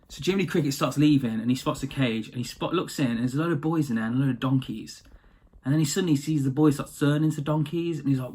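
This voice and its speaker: Male, loose chatty retelling, average pitch. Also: quick pace, darkish tone, husky. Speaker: storyteller. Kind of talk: casual retelling of a story.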